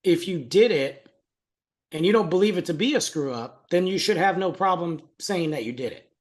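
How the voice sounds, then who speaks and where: Laughing, animated male podcast co-host. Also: normal speed. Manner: animated storyteller, laughs often, lively pitch swings. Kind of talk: casual chat, telling a family story.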